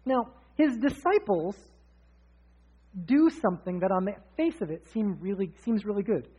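A man preaching a sermon in an energetic, candid, conversational way. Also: high-pitched, normal speed, slightly rough. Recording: tinny phone-like sound.

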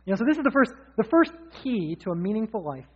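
A man preaching a sermon in an energetic, candid, conversational way. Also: high voice, fast, husky. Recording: tinny phone-like sound.

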